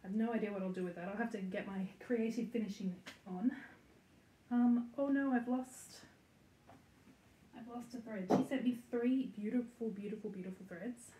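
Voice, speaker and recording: A woman's voice: on the high side, moderate pace, dark tone. A woman hosting a casual cross-stitch vlog, chatty and giggly with lots of ums and likes, talking to the camera from her home stitching room. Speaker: flosstube host. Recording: echoey room with faint noise.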